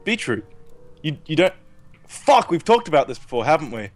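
A man's voice: a little high, big pitch swings, moderate pace, faint music behind. Blunt Australian man, swearing freely. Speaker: podcast co-host. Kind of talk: casual podcast banter.

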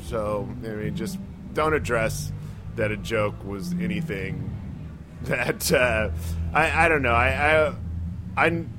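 A man's voice: lowish voice, slow. A man chatting casually on a podcast as a comedian, telling profane club stories and mimicking people. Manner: profane, loose storytelling with mimicked voices.

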